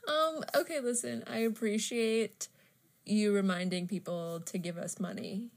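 A woman's voice: medium pitch, unhurried. A woman co-hosting a podcast in casual chat, teasing and laughing often. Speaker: podcast co-host.

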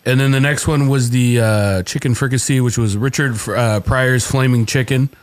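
A man's voice: mid-range voice, fairly even intonation, moderate pace. A man hosting a podcast, explaining the dishes he cooked in an easygoing, rambling way. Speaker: podcast host and cook. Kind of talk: relaxed podcast chat.

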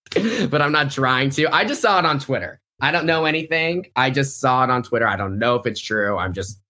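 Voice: mid-range voice, animated, brisk, bright, forceful tone. A podcast host in casual pop-culture chat, talking in a chatty way, filling the talk with "like" and laughing often.

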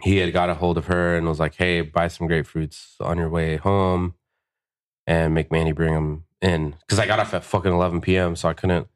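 A young man with a deep, low-pitched voice tells a profanity-heavy story in a relaxed podcast chat. He slips into the voices of the people in the story as he quotes them. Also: fairly quick. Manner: profane, animated storyteller who acts out quotes. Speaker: guest tattoo artist.

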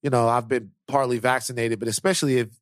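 A male podcast host telling stories in a relaxed, animated way, repeating himself as he goes. His voice sits in an ordinary middle register. The recording is close and dry, with no room sound. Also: medium pitch, quick pace, dry recording. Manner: animated, repeats words, voice drops for a serious story. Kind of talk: casual chat and storytelling.

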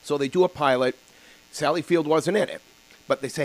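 A man's voice: on the high side, brisk. A man hosting a podcast, telling a story casually with lots of fillers. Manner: rambling, animated storyteller with filler words. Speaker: podcast host.

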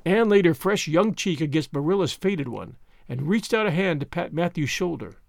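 A man narrating a classic novel in a measured, expressive storytelling voice. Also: a little high, creaky, no room sound, clean studio sound. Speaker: audiobook narrator. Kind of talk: scripted narration.

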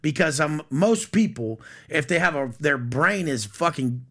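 A man's voice: fairly high pitch, expressive, measured pace, sharp tone. A man talking as a podcast guest, blunt and aggressive, swearing constantly and acting out conversations he has had. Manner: aggressive, swearing, acts out quoted exchanges. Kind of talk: blunt, profane casual talk.

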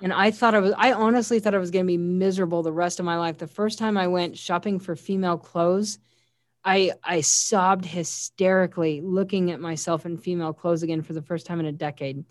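A woman guest speaks fairly quickly in a lowish, steady voice, giving a sincere, heartfelt personal testimony about her faith and frequently citing scripture. The studio-quality recording has no echo.

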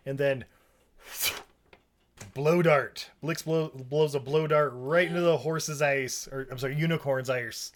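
A man on a podcast retelling a movie scene by scene, laughing a lot and slipping into quick character voices. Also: a little high, fairly even intonation. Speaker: podcast co-host. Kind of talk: casual movie recap chat.

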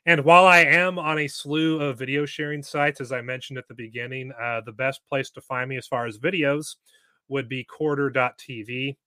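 A man's voice: mid-range voice, fairly even intonation, normal speed, sharp tone, no echo. A man speaking as a podcast guest in an emphatic, lecturing way. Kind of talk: casual interview chat.

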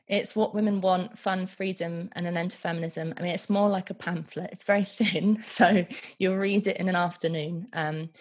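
A woman with a notably low voice for a woman, interviewed on a podcast as an author and journalist. She answers in a dry, wry way. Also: fairly even intonation, moderate pace, hardly any pauses.

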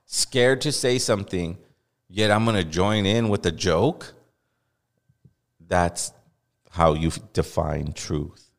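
A man's voice: low-pitched, takes it slowly, vocal fry, long pauses, long reverb tail. A man from Los Angeles hosting a podcast, giving blunt, heated commentary with repeated emphasis. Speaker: podcast host. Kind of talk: casual opinionated commentary.

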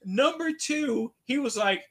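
A man co-hosting a casual book discussion podcast, animated and acting out characters' lines in exaggerated voices. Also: very high voice, takes it slowly. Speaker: podcast co-host.

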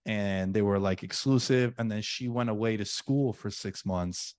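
A man's voice: on the low side, normal speed, a little mellow, dry recording. Earnest, chummy man on a podcast. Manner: earnest and chummy, says "dude" and "man" a lot. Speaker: podcast co-host. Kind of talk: casual rewatch podcast chat.

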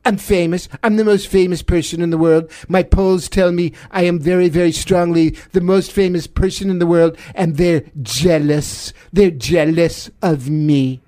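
A man voicing a boastful, thin-skinned male president who talks loudly, repeats himself and brags. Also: high voice, fairly even intonation, normal speed, few pauses, natural voice. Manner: loud, boastful, repetitive.

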